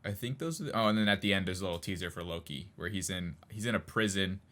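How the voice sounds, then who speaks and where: A man's voice: low voice, expressive, fast talker, sharp tone. A man co-hosting a casual podcast chat, rambling with lots of fillers and frequent laughs. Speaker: podcast co-host.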